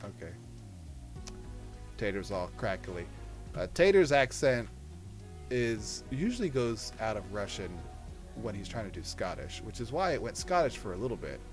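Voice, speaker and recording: A man's voice: on the low side, sing-song, moderate pace, pauses often, faint music behind. A man hosting a casual chat show over a video call, joking and rambling playfully. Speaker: host.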